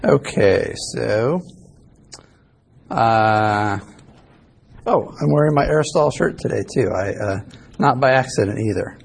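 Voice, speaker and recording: A man's voice: mid-range voice, lively intonation, unhurried, vocal fry, pauses often, husky. A male ethics instructor giving a casual, rambling classroom lecture that he records live as a podcast. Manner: casual, rambling, self-correcting.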